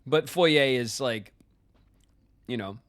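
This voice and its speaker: An American man streams a game live and chats the whole way through. His talk is loose and rambling, full of filler words and half-finished thoughts. His voice sits at an ordinary middle pitch for a man. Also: lively intonation, normal speed, fairly bright tone. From United States. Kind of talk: casual live-stream chat while gaming.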